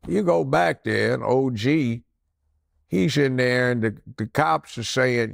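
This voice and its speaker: Gravelly older man spinning courtroom stories. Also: mid-range voice, takes it slowly, no room sound, clean studio sound. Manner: animated, acts out characters in his stories. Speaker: former judge. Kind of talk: storytelling anecdote.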